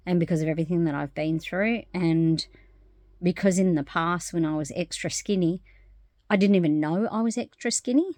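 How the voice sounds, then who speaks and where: Woman vlogger, lowish voice, dry close sound, candid, animated, swears freely. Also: dry recording. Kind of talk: casual personal monologue.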